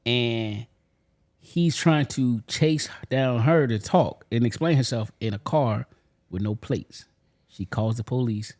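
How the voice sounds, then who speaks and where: A man's voice: medium pitch, slow, darkish tone. A man co-hosting a podcast, telling a story in a laid-back, slangy way and laughing along. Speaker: podcast co-host. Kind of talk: casual chat and storytelling.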